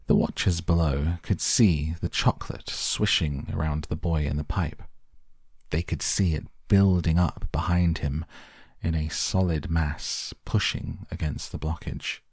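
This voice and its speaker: Deep husky man reading a storybook. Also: darkish tone, no echo, studio quality. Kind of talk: reading a children's book aloud.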